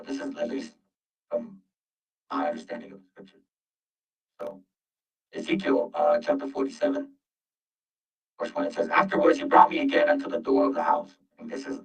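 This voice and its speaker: A man reading Bible verses aloud and explaining them to his listeners, whom he calls family; his voice runs through an accidental robotic voice-changer filter. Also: gravelly. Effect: accidental deep robotic voice-changer filter. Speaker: Bible teacher. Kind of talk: informal scripture reading and teaching. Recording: muffled, distant, with faint music.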